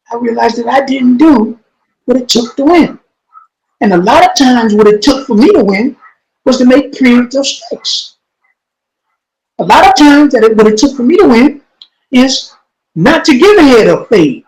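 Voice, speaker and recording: A man with a fairly high voice tells a story in an interview. He talks in street slang and repeats himself. He drops to a low, quiet voice when he quotes someone. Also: animated, a little slow, long pauses, low-quality recording. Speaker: interview guest.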